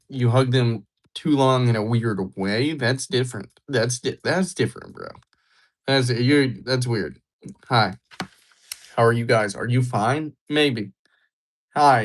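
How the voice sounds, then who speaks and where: A young man from Georgia, chatting casually with viewers on a live stream. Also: medium pitch. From Georgia, USA. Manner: chatty, laid-back, joking with viewers. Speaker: livestreamer.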